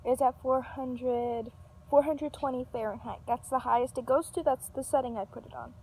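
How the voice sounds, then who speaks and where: A young woman talks through a storytime vlog in a loose, rambling way, full of "like" and restarts. Her voice sits a little high and she curses casually. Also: moderate pace, slightly rough. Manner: animated, yells when reenacting an argument; lots of filler and restarts, swears casually.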